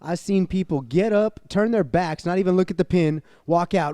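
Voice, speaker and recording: A man co-hosting a wrestling podcast, telling stories with animated excitement. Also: high-pitched, fairly quick, few pauses, smooth, no echo. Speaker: podcast co-host. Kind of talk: casual podcast chat.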